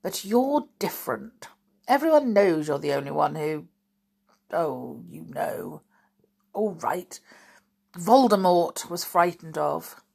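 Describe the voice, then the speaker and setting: A woman voicing a severe older witch professor who speaks sharply and impatiently, raising her voice higher and louder than her narration. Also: animated, slow pace, gravelly, breathy edge, full character voice. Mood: grudging.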